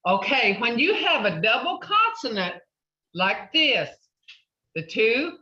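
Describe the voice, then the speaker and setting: A woman teaching a language class, patiently repeating words slowly to model pronunciation. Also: on the high side, sing-song, pushed and bright. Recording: roomy, distant, dull lo-fi classroom recording.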